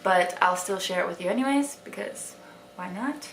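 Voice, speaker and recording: A woman's voice: medium pitch, animated, normal speed, a bit bright. A young woman from Wisconsin with a light Wisconsin accent, talking casually to camera in a vlog and filling her speech with "like". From Wisconsin, USA. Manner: chatty, heavy use of "like" fillers. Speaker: vlogger. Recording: echoey room with faint hiss.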